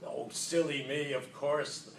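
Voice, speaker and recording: A man voicing his polite mother, who asks for directions abroad in loud, slow, over-enunciated English, heard from a distant mic in an echoey hall. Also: on the high side, fairly even intonation, gravelly, a little hiss or hum.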